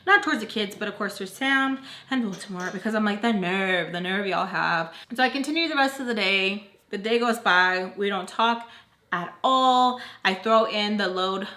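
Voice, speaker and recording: Young woman vlogger, animated storyteller, blunt and salty. Bright, forceful delivery. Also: medium pitch, moderate pace. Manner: animated, blunt, swears, drops in Spanish. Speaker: vlogger telling a nanny story. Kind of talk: casual storytime.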